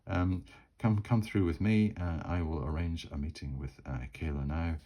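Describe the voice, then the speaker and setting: A man's voice: sits low, steady tone, normal speed, mellow. A man voicing a courteous male official at a keep, who welcomes visitors politely. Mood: welcoming.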